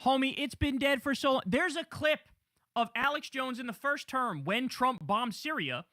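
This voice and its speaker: A man with a high, sharp voice tears into clips with mocking commentary, laughing and swearing as he goes. The recording is dry and close, with no room sound. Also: animated, normal speed, no echo. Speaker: show host reacting to clips. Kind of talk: profane reaction commentary.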